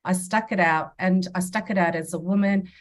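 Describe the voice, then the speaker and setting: A woman's voice: on the low side, fairly even intonation, normal speed. A woman in her fifties, a podcast guest, telling personal stories in an earnest, reflective way. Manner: earnest, reflective, acts out quoted dialogue. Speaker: podcast guest, medium and mentor. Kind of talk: personal storytelling in a podcast interview.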